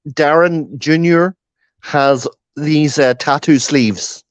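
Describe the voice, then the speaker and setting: A man's voice: fairly high pitch, takes it slowly, no room sound. A man co-hosting a casual chat, telling wry, teasing stories. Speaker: co-host.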